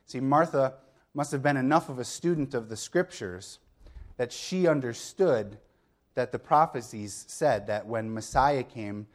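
Middle-aged man, pastor, conversational sermon, rhetorical questions, keeps checking in with "okay?", mid-pitched voice. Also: unhurried. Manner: explains step by step, with frequent "okay?" check-ins.

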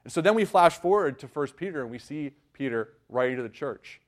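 A man's voice: fairly high pitch, animated, brisk. A young man preaching a sermon in an earnest, conversational way, often checking in with "right?".

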